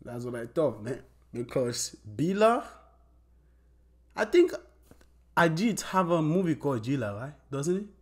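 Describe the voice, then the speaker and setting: A man hosting a reaction video, talking excitedly in casual slang and often asking "you know what I'm saying". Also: on the high side, measured pace, pauses often.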